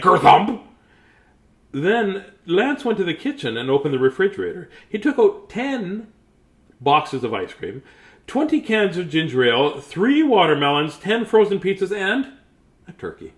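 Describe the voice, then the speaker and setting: A man reading a picture book aloud, chuckling and adding chatty asides to the listeners. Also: on the high side. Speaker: storybook reader.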